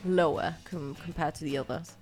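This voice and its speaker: A woman's voice: low-pitched, steady tone, moderate pace, darkish tone, soft background music. A woman hosting a podcast, mixing read-out notes with casual, hesitant chat that is full of fillers. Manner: chatty, hesitant, many fillers. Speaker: podcast host.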